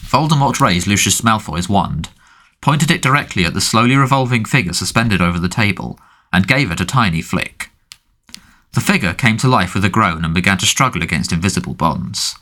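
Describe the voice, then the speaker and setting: A man narrating an audiobook in an expressive storytelling manner. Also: fairly low pitch, brisk. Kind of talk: scripted narration.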